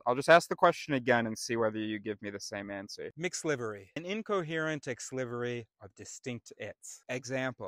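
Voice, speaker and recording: A man's voice: medium pitch, brisk, fairly bright tone, no room sound, rough recording. A man reading out definitions and examples in a dry, matter-of-fact way, giving some examples with sarcasm. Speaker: vocabulary explainer.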